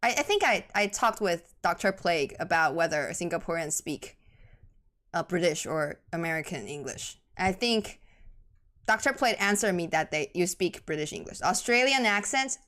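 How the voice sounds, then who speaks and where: A woman from Taiwan with a Taiwanese accent, a native Mandarin speaker, doing chatty, excitable live esports commentary in English. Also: on the low side. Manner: excitable, chatty, quick to laugh and gasp. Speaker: esports caster.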